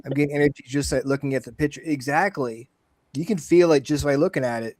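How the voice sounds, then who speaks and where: A man hosting a paranormal talk show, enthusiastic and joking, with quick eager reactions. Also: medium pitch, a little mellow, no room sound. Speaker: podcast host. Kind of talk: casual chat.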